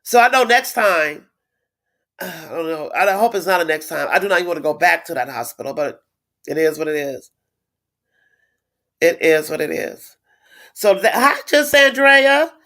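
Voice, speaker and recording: A woman's voice: fairly low pitch, lively intonation, a little slow, long pauses, fairly bright tone. A middle-aged woman hosting a casual livestream. She is blunt and indignant, swears freely, repeats herself for emphasis and greets viewers by reading their comments. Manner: repeats words, reads viewer comments aloud. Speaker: livestream host. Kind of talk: casual live-stream chat.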